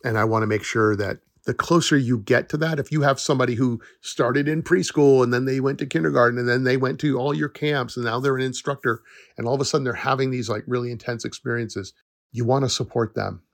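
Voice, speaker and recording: A man's voice: medium pitch, steady tone, a little fast, gravelly, dry recording, clean studio sound. A middle-aged man hosting a podcast, talking in an earnest, reassuring way and laughing now and then. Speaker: podcast host, forest educator. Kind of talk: casual solo podcast talk.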